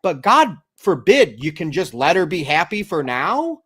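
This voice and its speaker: Man, podcast host, casual chat, animated, swears a lot, fairly high voice. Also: unhurried, breathy edge. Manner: animated, swears freely, rises high when excited.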